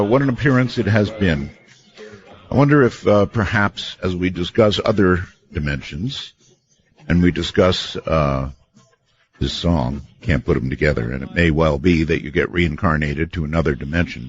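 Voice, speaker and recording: A man's voice: low voice, moderate pace. A man hosting a late-night radio talk show, easygoing and often chuckling. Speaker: radio host. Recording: dull lo-fi radio audio.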